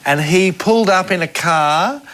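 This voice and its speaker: A man's voice: high voice, measured pace, a bit bright. Dry Australian man in his sixties. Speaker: panel guest. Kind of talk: casual comedy panel chat.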